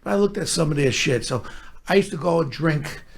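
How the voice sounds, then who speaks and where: This older podcast host has a slightly high, gravelly, expressive voice and a brisk delivery. He tells brash stories full of profanity, swearing constantly and performing other people's lines in their voices.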